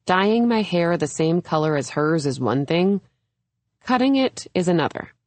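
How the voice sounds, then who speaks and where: Female audiobook narrator, young adult: low voice, unhurried, measured first-person delivery. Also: dry recording. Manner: measured, even storytelling.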